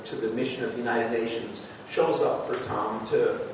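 A man, a former TV news producer, telling anecdotes to an audience, lively and halting with fillers and restarts. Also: medium pitch. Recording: echoey hall, voice from far off with noise.

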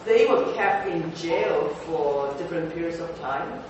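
Speaking in a fairly high pitch, a man who once produced TV news tells stories to an audience in an echoey hall. His delivery is animated yet halting, full of fillers and restarts, and the audio is dull, distant and noisy.

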